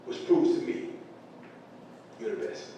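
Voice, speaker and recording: Middle-aged man, earnest motivational speaker, distant mic with faint rumble. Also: a little slow, dark tone, highs cut off. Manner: earnest, emotional storytelling. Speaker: parent speaking to school staff. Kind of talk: motivational speech. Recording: echoey large room from far off, faint rumble.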